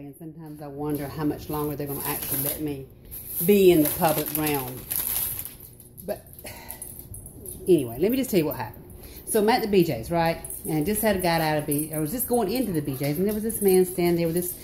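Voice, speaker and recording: A woman from North Carolina with a Southern accent, telling a story in a casual vlog and ranting with loud exclamations. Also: a little fast, slight background noise. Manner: animated, exclamatory, swings into high outbursts. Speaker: vlogger.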